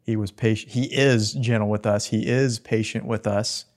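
A man preaching a sermon in an earnest, gentle way, with soft asides. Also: lowish voice, fairly even intonation, normal speed.

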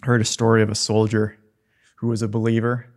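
A man preaching a sermon in an earnest, gentle way, with soft asides. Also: on the low side, monotone, fast.

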